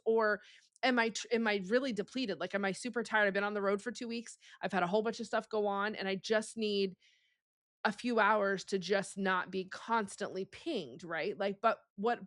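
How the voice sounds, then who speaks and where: A woman's voice: medium pitch, dry recording, clean studio sound. A woman hosting a podcast, talking in an earnest, emphatic way and repeating words for stress. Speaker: podcast host. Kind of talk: casual conversation.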